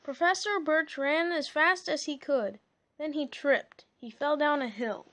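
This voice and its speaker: A woman's voice: sits high, fairly bright tone. A woman reading a children's storybook aloud, breaking off for casual, amused comments. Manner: slow, chatty, amused asides. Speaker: reader.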